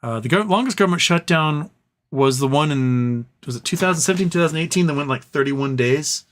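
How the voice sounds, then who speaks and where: A man's voice: a little high, expressive, brisk, fairly bright tone. A man hosting a casual live stream, reading viewer comments aloud and answering them, tired and starting to lose his voice. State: tired, voice wearing out. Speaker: livestream host reading chat.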